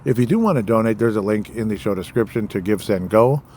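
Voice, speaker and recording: Low-voiced man rambling on his podcast. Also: fast, a little mellow, a little hiss or hum. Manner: rambling, loose, with frequent fillers and apologies. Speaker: podcast host. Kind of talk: casual political podcast monologue.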